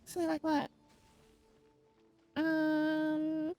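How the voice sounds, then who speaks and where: A woman live-streaming a game, chatting casually and complaining out loud about it. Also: high voice, monotone, extremely slow, faint music behind. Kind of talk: casual live-stream chat while gaming.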